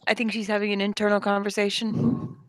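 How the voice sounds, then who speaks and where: A woman's voice: mid-range voice, little pitch movement, a little fast. A woman hosting a late-night livestream, tired after hours of streaming, rambling and goofy with frequent giggles. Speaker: livestream host. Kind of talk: late-night casual chat.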